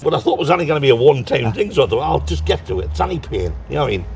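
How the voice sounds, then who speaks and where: A man with a Tyneside accent telling stories as an interview guest in a lively, laughing way, acting out what people said. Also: on the high side, rapid-fire, gravelly, breathy edge, far from the mic. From North East England. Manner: lively, laughs through his stories, acts out quotes. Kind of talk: casual storytelling chat.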